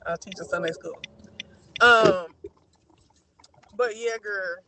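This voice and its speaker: A woman's voice: medium pitch, slow, noisy background. A middle-aged woman hosting a livestream, chatting casually and telling a story to her viewers, whom she keeps calling "girl". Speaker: livestream host. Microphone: streaming mic.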